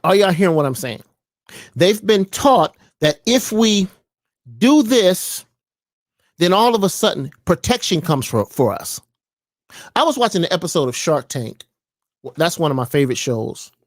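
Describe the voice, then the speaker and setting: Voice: mid-range voice, a little slow, pauses often, no room sound, clean studio sound. A vlogger ranting in a preachy, mocking way, often asking the audience questions. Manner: animated, preachy, mocking, jumps between voices. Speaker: commentary vlogger. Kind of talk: ranting commentary vlog.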